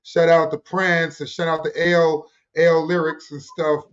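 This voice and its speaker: Male host, casual and halting, a bit high, muffled recording. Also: level tone, clear, resonant tone. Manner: loose, halting questions. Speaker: show host. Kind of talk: casual interview chat. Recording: dull lo-fi sound.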